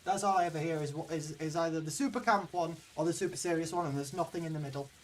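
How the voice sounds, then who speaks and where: A man with a slightly high voice and a mild Yorkshire accent talks fast, chatting casually and ramblingly with his live-stream viewers while playing a game and answering chat between plays. He's from Yorkshire, England, and the distant mic picks up a little hiss or hum.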